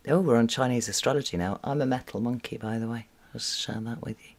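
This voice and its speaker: British woman, tarot reader hosting a home live stream. Casual, rambling, quick to laugh, swears freely. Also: very deep voice, dark tone. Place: room at home with a window.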